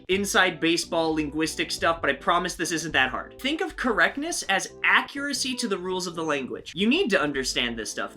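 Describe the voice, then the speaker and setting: A man's voice: sits high, sharp tone. A young man explaining language in a casual, playful video talk, full of hedging asides. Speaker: language teacher and video host.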